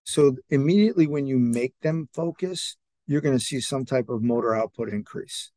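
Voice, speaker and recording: Animated storytelling man, dry close sound. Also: mid-range voice, normal speed, no echo. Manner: animated, acts out other people's lines in quotes. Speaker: athletic trainer. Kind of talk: casual podcast storytelling.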